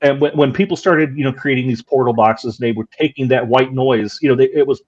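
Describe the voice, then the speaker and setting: A man's voice: mid-range voice, a little fast, a little mellow, breathy edge. A man on a paranormal panel who explains his view with many stammered restarts. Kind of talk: casual panel chat. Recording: muffled lo-fi audio.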